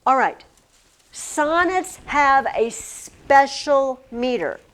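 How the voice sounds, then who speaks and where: A middle-aged woman teacher speaks in a classroom, and her voice swoops up and down with lively energy. She chants rhythms aloud and chats with her students as she goes. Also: high-pitched, extremely slow.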